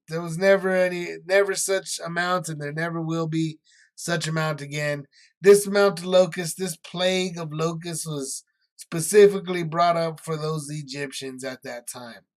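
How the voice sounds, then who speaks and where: Casual higher-voiced man teaching scripture. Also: normal speed. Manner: conversational, many fillers, paraphrases scripture in everyday words. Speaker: Bible study teacher. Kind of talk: casual Bible study teaching.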